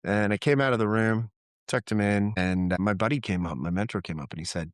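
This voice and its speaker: A middle-aged man telling candid personal stories in a relaxed conversational way, reflective and animated when he quotes people. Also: on the low side, quick pace, no echo, studio quality. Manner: reflective, acts out quoted dialogue with laughs. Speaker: podcast guest, therapist.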